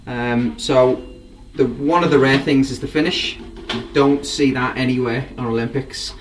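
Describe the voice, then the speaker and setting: A man shows off his drums in an unhurried, medium-pitched voice with fairly even intonation, rambling enthusiastically. Captured from a distance, the casual show-and-tell carries faint background noise.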